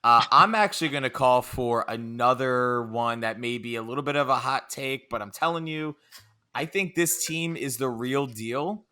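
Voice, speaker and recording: A man riffs on a casual sports podcast. His voice is bright and forward at a middle pitch. He jokes and trash-talks with an easy laugh, never too serious. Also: moderate pace, clean tone. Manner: joking, laughs often, playful trash talk. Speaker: podcast co-host.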